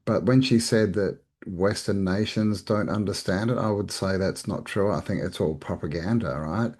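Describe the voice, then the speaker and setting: A man's voice: sits low, moderate pace, darkish tone, husky. A man hosting a reaction show, giving casual, rambling commentary with chuckles and restarts. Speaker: reaction channel host. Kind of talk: casual commentary on played clips.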